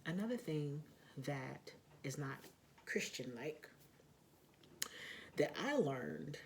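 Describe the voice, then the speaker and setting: A woman talking in a casual vlog monologue, blunt and profane, with lots of fillers and emphatic, loud outbursts. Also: low voice, animated, slow pace, slight background noise. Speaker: vlogger.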